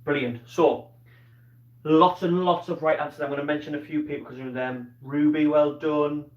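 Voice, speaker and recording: A man's voice: on the high side, fairly even intonation, normal speed, darkish tone. A male teacher giving a live online science lesson, asking questions and praising pupils by name. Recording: roomy, distant, dull-toned sound.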